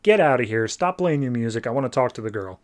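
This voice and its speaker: A man's voice: medium pitch, lively intonation, quick pace, natural voice. A man voicing a vengeful adult male villain who gloats spitefully. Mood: gloating.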